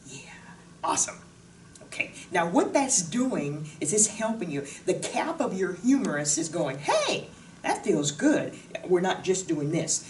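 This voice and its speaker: Recorded far from the mic, this fitness instructor, a woman from the Pacific Northwest of the US, has a medium-pitched voice. She jokes and bubbles along casually while demonstrating an exercise, and the sound carries a roomy echo and faint noise.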